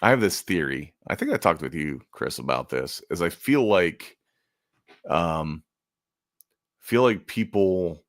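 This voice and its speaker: A man's voice: low-pitched, fairly bright tone, no room sound, studio quality. A man in casual chat about selling art at conventions, rambling and making self-deprecating jokes. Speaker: convention artist and channel host.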